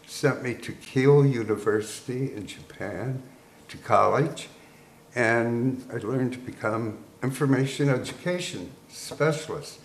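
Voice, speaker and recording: Older man in his eighties, veteran storyteller, slow, chuckling, roomy echo, faint hiss. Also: medium pitch. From United States. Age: 80s. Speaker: veteran guest. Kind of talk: recounting wartime memories. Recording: echoey room with faint noise.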